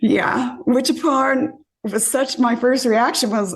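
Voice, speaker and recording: A woman from California telling a story on a podcast in a casual, animated way, acting out what people said and swearing when she relives the moment. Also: fairly high pitch, slow. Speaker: guest storyteller.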